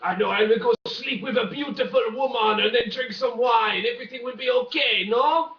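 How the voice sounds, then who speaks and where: A man voicing a melodramatic, panicking Frenchman in an exaggerated mock French accent, with shouty outbursts. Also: extremely high pitch, normal speed, vocal fry, pitched above the performer's own voice. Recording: dull, roomy, from a distance.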